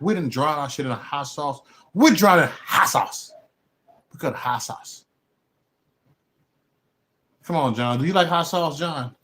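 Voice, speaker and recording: A man from Chicago hosts a live stream in a profane, comedic rant. His voice moves in wide, lively swings of pitch. He drops to low mutters, then bursts into loud yelling.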